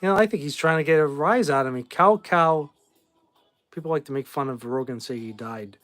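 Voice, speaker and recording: A host from Boston, Massachusetts, in his forties, speaks briskly in a somewhat high, slightly bright voice over soft background music. He chats casually on a livestream, answering viewer questions with offhand rambling and blunt views.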